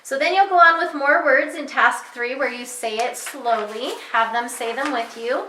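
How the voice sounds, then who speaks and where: A young woman teacher walking parents through a reading lesson, talking clearly and patiently and slowing down to model sounds. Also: high voice, reverberant, background noise. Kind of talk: instructional walkthrough for parents.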